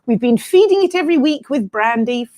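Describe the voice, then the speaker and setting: High, bubbly woman with a lively voice. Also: fairly quick. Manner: bubbly, laughs often. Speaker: co-host. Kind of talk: casual chat.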